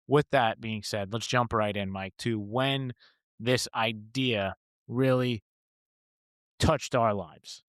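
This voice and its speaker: A man co-hosting a podcast who speaks in a measured, earnest way and chimes in often with short agreement. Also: mid-range voice, dry recording, clean studio sound. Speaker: podcast co-host. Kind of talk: casual podcast chat.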